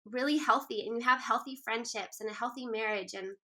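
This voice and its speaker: Woman, thirties, higher voice, bright tone, earnest, reflective, interview guest. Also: a little fast. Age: 30s. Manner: earnest and reflective, filler-heavy. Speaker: guest author. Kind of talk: casual interview conversation.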